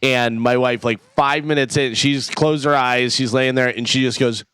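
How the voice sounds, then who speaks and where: Male co-host, mid-range voice, quick jokes and anecdotes, dry close mic. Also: mid-range voice, fairly even intonation, a bit bright, clear, resonant tone, dry recording. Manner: joking, retells stories with quoted voices. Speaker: radio show co-host. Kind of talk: casual studio banter. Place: radio studio.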